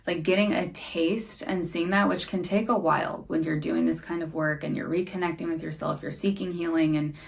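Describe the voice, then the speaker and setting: A woman's voice: on the low side, steady tone, normal speed, vocal fry, hardly any pauses. A young woman hosting a podcast, speaking earnestly and candidly about her own struggles in a reflective monologue. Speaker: podcast host.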